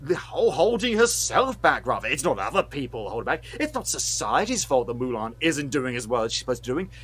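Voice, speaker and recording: A man's voice: mid-range voice, very animated, brisk, fairly bright tone, breathy edge. A man co-hosting a film review podcast, ranting with heated, sweary sarcasm. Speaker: podcast co-host reviewing films. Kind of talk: casual podcast rant.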